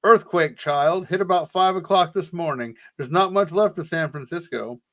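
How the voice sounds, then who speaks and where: Casting note: podcast host doing a big bearded Irish rescuer, hearty brogue, pitched up a few steps, lively. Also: male voice, normal speed. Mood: kindly. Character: burly bearded Irish rescuer man, kindly.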